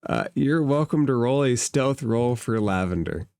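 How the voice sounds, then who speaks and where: A man running a tabletop game as game master, narrating slowly. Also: medium pitch, expressive, darkish tone, clear, resonant tone, no room sound, clean studio sound.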